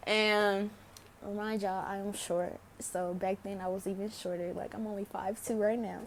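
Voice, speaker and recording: A woman's voice: mid-range voice, little pitch movement, normal speed, a little hiss or hum. A young woman vlogging to camera, telling a story casually, laughing often and swearing freely.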